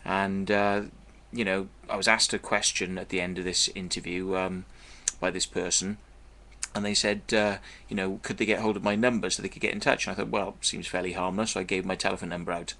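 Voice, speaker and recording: Blunt vlogger, low bright voice, profane meandering storyteller. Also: male voice, level tone, fairly quick, vocal fry. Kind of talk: casual storytelling monologue.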